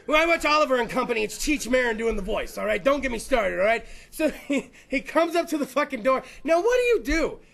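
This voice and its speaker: A man's voice: extremely high pitch, big pitch swings, brisk, vocal fry, hardly any pauses, a bit bright. A man hosting a podcast, rambling through a crude, profane, jokey comedic rant. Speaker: podcast host.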